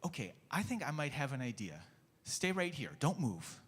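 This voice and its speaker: A man voicing a tiny, brave male mouse with a squeaky, high voice, polite and insistent, in an echoey church. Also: sing-song, moderate pace, a bit bright, breathy edge. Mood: scheming. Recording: echoey church hall, faint music.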